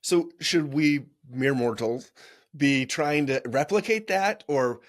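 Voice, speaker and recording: A man's voice: on the high side, takes it slowly. A middle-aged man hosting a podcast, talking in an easygoing, casual way and asking his guest questions. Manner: easygoing, asks questions and adds brief agreement. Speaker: podcast host. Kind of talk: casual interview chat.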